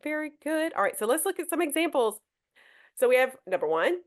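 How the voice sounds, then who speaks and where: A woman's voice: sits high, sing-song, a little fast. A woman teacher talking through a lesson on a live podcast, chatty and hesitant, often restarting her sentences.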